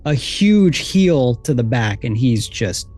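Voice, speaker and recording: Man, dungeon master, easygoing, mellow tone, soft music behind. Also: mid-range voice, big pitch swings, slow pace. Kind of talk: narrating a tabletop game.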